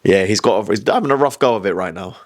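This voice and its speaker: A man's voice: fairly low pitch, fast talker. A man hosting a comedic news roundup, chatty and wry, laughing at his own jokes.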